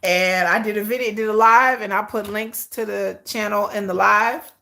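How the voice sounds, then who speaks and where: A woman hosting a live stream, chatting casually and gossipy, animated, often bursting into laughter and shrieks. She talks straight to her viewers, calling them "girl.". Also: mid-range voice, normal speed, creaky. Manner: animated, laughing, shrieks and squeals names at the screen. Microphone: phone or camera on a tripod.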